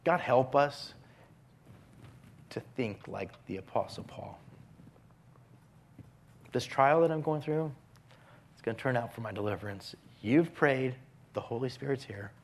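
A man preaching a sermon as a pastor, earnest, often dropping his voice to a hushed whisper on key phrases. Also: medium pitch, a little slow, long pauses.

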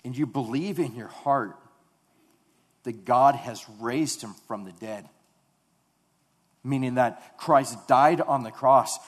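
A man preaching a sermon, reading scripture and then expounding it with emphatic, repeated phrases that build to loud, fervent passages. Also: medium pitch, slow pace, long pauses.

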